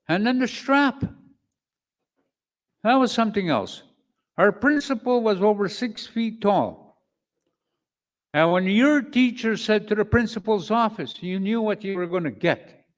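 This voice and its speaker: High-voiced older man giving testimony. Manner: slow, emphatic, with repeated phrases and demonstrations. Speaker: speaker at a men's conference. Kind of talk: personal testimony talk.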